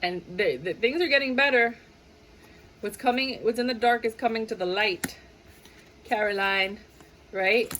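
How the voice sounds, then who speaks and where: A woman giving a lively, casual tarot reading, playful and chatty, slipping into quick impressions of the people she describes. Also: a little high, a little hiss or hum, rough recording. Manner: animated, playful, sings and mimics clients' voices. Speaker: tarot reader.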